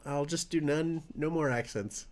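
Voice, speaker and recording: A man's voice: on the high side, a little slow, darkish tone. An American man hosting a music review livestream, upbeat and emphatic, often repeating himself. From United States. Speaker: podcast host. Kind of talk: casual livestream chat.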